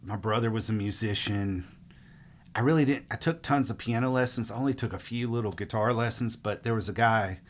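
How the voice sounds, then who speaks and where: A middle-aged man from Mississippi, telling stories in a rambling, relaxed way as a musician guest in an interview. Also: lowish voice. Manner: relaxed, rambling, frequent fillers. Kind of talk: casual interview storytelling.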